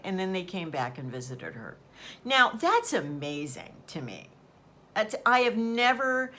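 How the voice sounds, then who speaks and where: A woman's voice: mid-range voice, a bit bright. A woman host chatting casually as she retells a story, acting out quoted dialogue along the way. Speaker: channel host.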